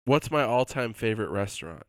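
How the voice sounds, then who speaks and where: A man's voice: lowish voice, animated, a little fast, clear, resonant tone, dry recording, clean studio sound. A man co-hosting a casual comedy podcast, quizzing his friend with playful questions and laughing often. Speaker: podcast co-host asking quiz questions.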